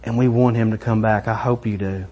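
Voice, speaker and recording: A middle-aged man preaching a sermon, animated and excited, acting out voices. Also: on the low side, a little fast, dull audio. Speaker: pastor.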